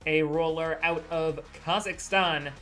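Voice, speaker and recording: A man's voice: on the high side, fairly even intonation, unhurried, pushed and bright, faint music behind. A man commentating a live esports match, introducing the players with a joking, self-deprecating manner and announcer-style hype.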